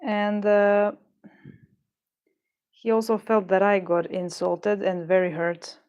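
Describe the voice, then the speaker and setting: A woman's voice: medium pitch, level tone, takes it slowly, darkish tone, smooth. A woman streaming live while she works on beadwork, muttering and rambling in frustration and swearing now and then. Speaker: livestreamer making beadwork. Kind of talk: casual livestream chat while crafting.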